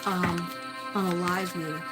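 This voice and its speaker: A woman's voice: on the low side, flat delivery, slow. A woman psychic medium doing a livestream reading, calling out to a missing person and repeating his name as she searches. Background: music.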